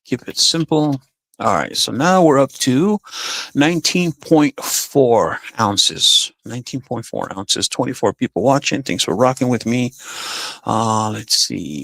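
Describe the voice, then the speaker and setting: Gravelly laid-back streamer man. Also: medium pitch, expressive, measured pace, a bit bright, no room sound. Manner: laid-back, chatty, talks to chat as y'all and buddy. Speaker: live stream host. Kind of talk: casual live stream chat.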